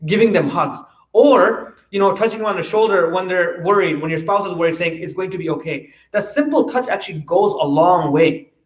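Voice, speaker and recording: A man giving a casual religious talk, full of restarts and quick "right?" asides. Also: high-pitched. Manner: conversational, many "right?" tags and restarts. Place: mosque hall. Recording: roomy, distant mic.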